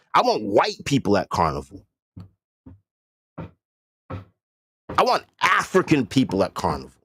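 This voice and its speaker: A man holds forth on his own livestream in a loose, blunt and profane manner, hammering his points home by repeating them. His voice sits at an ordinary pitch but rises and falls a great deal. The sound is close and dry, with no room around it. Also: a bit bright, no echo. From Boston area. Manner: blunt, profane, emphatic repetition. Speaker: livestream host. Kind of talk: casual livestream rant.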